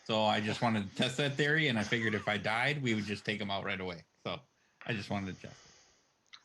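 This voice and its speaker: A man's voice: lowish voice, a little fast, noisy background. A man playing a social deduction game over a voice call, teasing the others and laughing often. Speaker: player. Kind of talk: casual game banter.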